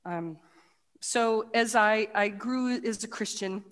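A middle-aged woman giving a personal testimony talk with slides, animated and full of restarts and fillers, acting out the voices of people she quotes. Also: fairly high pitch, slow. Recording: reverberant hall.

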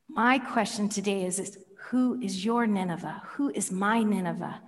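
At a medium pitch and a slightly slow pace, a woman preaches in a church hall. Her sermon story is told playfully, with laughter and rhetorical questions, under the long reverb of the large hall.

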